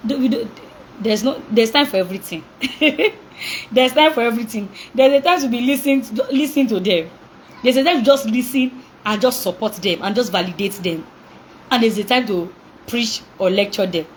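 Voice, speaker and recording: A young woman coaching parents in an animated talk, acting out reactions, laughing often and asking call-and-response questions. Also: on the high side, normal speed, slight background noise, poor audio.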